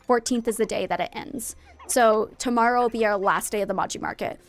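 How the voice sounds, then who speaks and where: A woman's voice: on the high side, a little fast. A woman live-streaming a game in casual chat, greeting viewers and going off on playful, jokingly dramatic rants.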